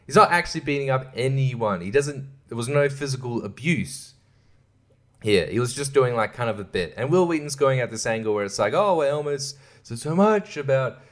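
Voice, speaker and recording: A man hosting a solo podcast, ranting with lots of swearing, frequent laughter and hushed asides. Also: medium pitch, animated, a little fast. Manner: profane, ranting, laughs often. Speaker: podcast host.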